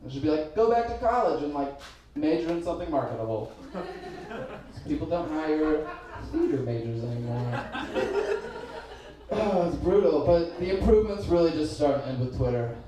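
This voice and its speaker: A man's voice: a little high, lively intonation, moderate pace, pauses often, mellow. A young man in his twenties doing a stand-up set, rambling and self-deprecating, breaking into silly voices. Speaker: stand-up comedian. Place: comedy stage indoors. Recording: very echoey room from far off.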